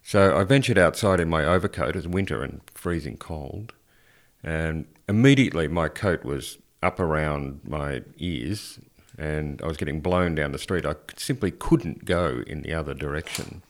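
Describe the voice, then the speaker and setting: An Australian man telling a personal anecdote on radio in a relaxed, wry way. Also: a bass voice, normal speed. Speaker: radio storyteller.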